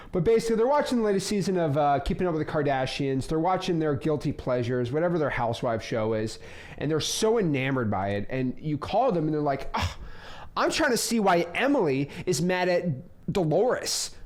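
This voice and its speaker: Young man, lively swooping voice, slightly high, casual coaching lecture, jokey asides. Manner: joking, rambling asides with sudden loud bursts. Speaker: real estate wholesaling coach.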